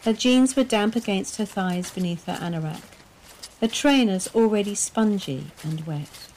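A woman reading a dark domestic story aloud in measured, expressive audiobook narration. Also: mid-range voice, a little hiss or hum.

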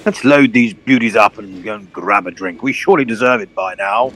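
A man's voice: on the low side, a little fast, slight background noise, lightly acted. A man playing a pompous, blustering old colonel who hunts for bargains. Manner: blustering, posh, excitable.

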